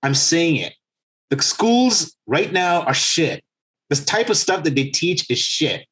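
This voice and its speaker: A man co-hosting a podcast who tells stories in an animated, profane way during casual chat. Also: a little high, takes it slowly, slightly rough. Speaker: podcast co-host.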